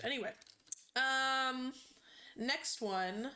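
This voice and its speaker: A woman's voice: mid-range voice, normal speed, fairly bright tone. A woman streamer chatting casually as she plays, rambling and hesitant with many ums.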